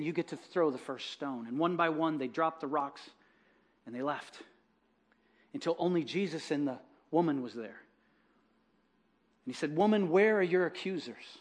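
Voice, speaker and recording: Storytelling male pastor, higher voice. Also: lively intonation, moderate pace, long pauses. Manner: storytelling, acts out quoted dialogue softly. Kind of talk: sermon. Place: church.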